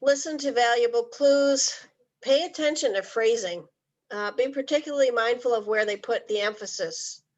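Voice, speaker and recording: A woman co-trainer giving brisk, instructive tips on listening to clients. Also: on the high side. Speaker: real estate trainer. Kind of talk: online training talk. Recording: dull lo-fi audio.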